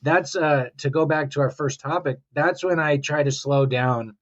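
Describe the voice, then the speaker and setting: A man's voice: a little high, normal speed. Male podcast guest, rambling reflective storyteller, slightly muffled sound. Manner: reflective, rambling, quotes his own thoughts. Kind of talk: casual conversational storytelling.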